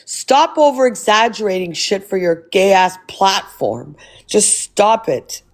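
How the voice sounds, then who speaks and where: A woman hosting a livestream who argues bluntly and insistently. Her voice sits at an ordinary middle pitch. She thanks viewers between points. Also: big pitch swings, slow. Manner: blunt, argumentative. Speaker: livestream host. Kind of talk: livestream chat and argument.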